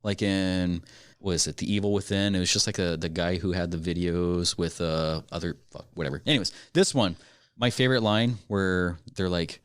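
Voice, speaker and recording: A man's voice: deep voice, steady tone, normal speed, clean tone, no echo, studio quality. A man co-hosting a casual movie-review podcast, rambling and laughing often as he talks. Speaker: podcast co-host.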